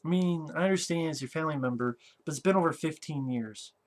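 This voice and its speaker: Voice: mid-range voice, fast. A film reviewer giving a casual movie review rant, talking in a blunt, sarcastic way with a lot of swearing.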